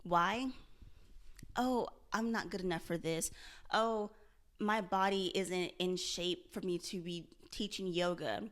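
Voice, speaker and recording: A young woman vlogging candidly about her struggles, earnest and self-searching, often repeating and restarting her phrases. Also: medium pitch. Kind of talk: candid confessional vlog.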